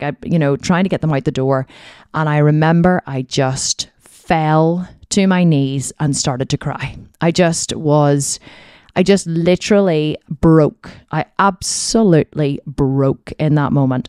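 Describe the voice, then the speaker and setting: Warm-voiced woman telling a personal story. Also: low voice, smooth, no echo, studio quality. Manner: candid, rambling, heartfelt with many fillers. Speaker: podcast host.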